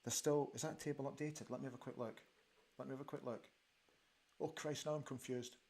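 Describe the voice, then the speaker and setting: A man hosting a live football watch-along show from a studio, excitable and exclaiming, often repeating himself as he reacts to the match. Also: mid-range voice, a little fast, vocal fry. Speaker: host.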